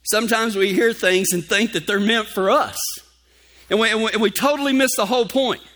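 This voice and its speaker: Man, pastor, high voice, folksy storytelling sermon. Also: fairly quick. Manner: folksy storytelling, drops to a hushed tone for scripture.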